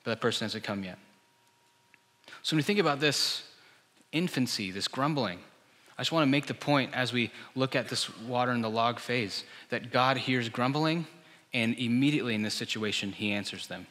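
A man's voice: mid-range voice, moderate pace, fairly bright tone, in a large hall. A male pastor preaching a sermon, telling the story with animation and acting out the voices he quotes. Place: church hall.

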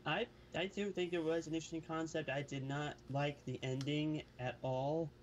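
A young adult man co-hosting a casual movie review talk, excitable and quick to rise in pitch when he objects. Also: slight background noise. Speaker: co-host.

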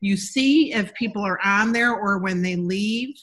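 A woman's voice: mid-range voice, a little slow, a bit bright. A woman hosting a casual video call chat, talking with a lot of ums and restarts. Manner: chatty, hesitant with many ums. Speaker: meeting host.

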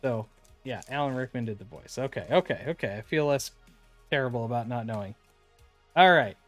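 A man's voice: medium pitch, fairly quick, a bit bright, no echo, soft background music. A man streaming live, opening card packs and chatting casually with his viewers. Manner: chatty, reads card names aloud, talks to chat.

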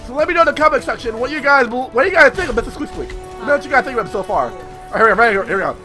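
A man giving excitable live gameplay commentary, playful and repetitive, swearing now and then. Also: very high-pitched, very fast, over music. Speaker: gaming video creator.

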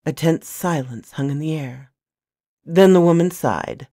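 Low-voiced woman reading a story. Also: measured pace, mellow, no echo, studio quality. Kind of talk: first-person novel narration.

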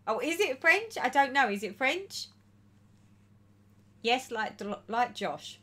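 A woman's voice: medium pitch, lively intonation, unhurried, pushed and bright. A woman hosting a casual stitching livestream, chatting and reading viewers' comments aloud with a lot of giggling. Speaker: livestream host.

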